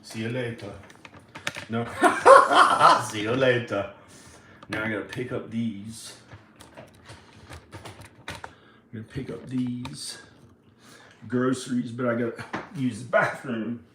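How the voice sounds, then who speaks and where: A man vlogging at home, muttering slowly and quietly to himself. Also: flat delivery, reverberant, distant mic, noisy background. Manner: slow, low muttering to himself. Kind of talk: rambling self-filmed vlog. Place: his house, indoors.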